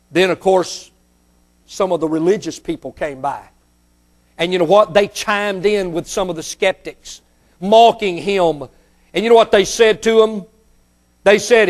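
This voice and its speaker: Man, preacher, high voice, impassioned sermon, direct address, shouted emphasis. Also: a little slow. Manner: impassioned, rising to shouts on key points; addresses listeners directly, repeating phrases for emphasis.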